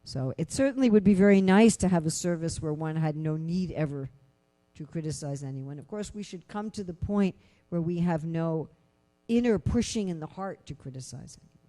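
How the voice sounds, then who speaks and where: A woman giving a conversational scripture lecture, telling stories and asking rhetorical questions, with frequent filler phrases. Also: on the low side. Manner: conversational, many "you know" fillers; animated storytelling with rhetorical questions. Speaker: lecturer at a temple class.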